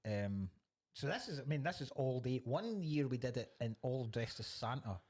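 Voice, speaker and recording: A man's voice: mid-range voice, animated, normal speed, a little mellow. A Scottish man co-hosting a comedy podcast, telling a long story in a casual chat, swearing freely and laughing often. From Scotland. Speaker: podcast co-host.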